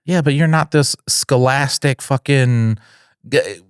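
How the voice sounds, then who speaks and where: A man's voice: medium pitch, takes it slowly, clear, resonant tone, no room sound, clean studio sound. A middle-aged man co-hosting a podcast, joking and arguing playfully in casual chat. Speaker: podcast co-host.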